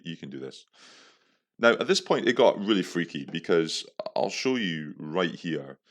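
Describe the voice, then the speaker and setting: A young man hosting a podcast, telling a story in a crude, profane, comic rant. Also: deep voice. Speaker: podcast host. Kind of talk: casual storytelling monologue.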